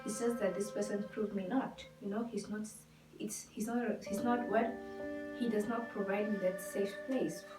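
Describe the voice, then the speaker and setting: A woman's voice: medium pitch, steady tone, moderate pace. A young woman vlogger telling a personal story to camera, emphatic and heated, acting out the dialogue. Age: young adult. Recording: roomy, distant mic with guitar music behind.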